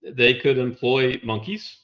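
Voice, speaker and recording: A man walking through slides in a relaxed conversation, explaining step by step with a wry touch. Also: mid-range voice, slow, highs cut off. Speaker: guest presenting slides.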